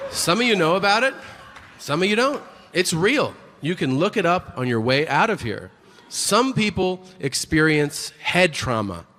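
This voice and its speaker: A man's voice: a little high, long reverb tail. A man doing a brash, crude stand-up comedy set on stage before an audience. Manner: brash, animated, crude punchlines. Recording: live stage mic with room noise.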